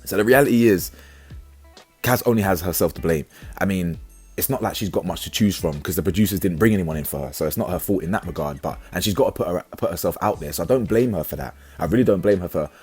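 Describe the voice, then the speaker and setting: A low-voiced man talks through a reality show episode in an animated, slangy way. His voice is husky, and he keeps restarting his sentences. Faint music plays underneath. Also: fast. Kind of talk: casual commentary.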